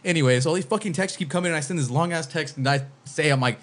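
A man's voice: on the high side, rapid-fire. A young man co-hosting a podcast in casual chat, telling stories with heavy swearing and acting out his own texts. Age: young adult. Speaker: podcast co-host.

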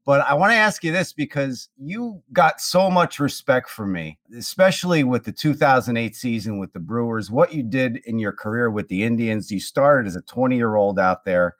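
A man's voice: medium pitch, lively intonation, moderate pace, few pauses, fairly bright tone, no echo, studio quality. A man hosting a casual interview, joking and enthusiastic as he asks his questions. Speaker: host.

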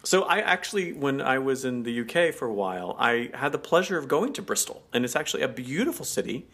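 A man co-hosts a relaxed conversation. He explains things in a chatty, meandering way, leaning on fillers like "like" and "um.". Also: medium pitch, fast talker. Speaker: co-host. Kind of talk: casual chat explaining culture.

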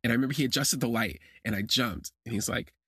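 A man hosting a confessional podcast, telling a personal story with animated bursts when he acts out his reactions, recorded on a phone. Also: quick pace, slightly rough, no echo, studio quality. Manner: animated, jumps high when acting out his own reactions. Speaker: podcast host.

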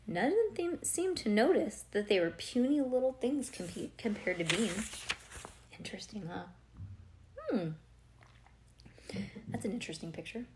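A woman's voice: mid-range voice, animated, moderate pace, background noise. Chatty woman reading a storybook aloud. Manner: conversational, quizzes the listener, digresses with "like" and "um".

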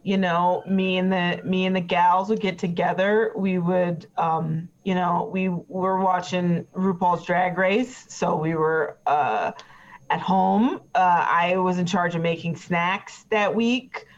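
A woman's voice: on the low side, fairly even intonation, takes it slowly, voice pushed down. A woman voicing a chatty, petty witness who rambles with many fillers and gets defensive. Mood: rambling. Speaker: player voicing a trial witness. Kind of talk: improvised tabletop role-play. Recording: dull lo-fi recording.

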